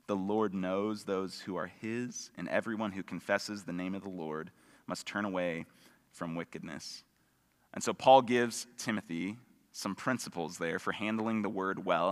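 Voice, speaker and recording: Male pastor, low bright voice, easygoing sermon delivery, long hall reverb. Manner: relaxed, conversational, with self-deprecating humor.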